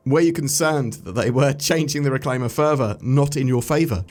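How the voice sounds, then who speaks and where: Man, gaming news host, chatty, enthusiastic, mid-pitched voice. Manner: chatty, enthusiastic, lively sign-off. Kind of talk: video game news update.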